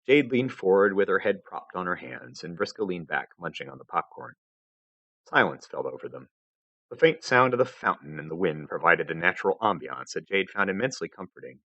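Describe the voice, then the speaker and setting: A man reads a story aloud, his low voice swinging widely in pitch as he narrates. The sound is close and dry, with almost no room echo. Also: animated, fairly quick, bright, forceful tone, muffled recording. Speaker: fanfiction reader. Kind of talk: live reading of fan fiction.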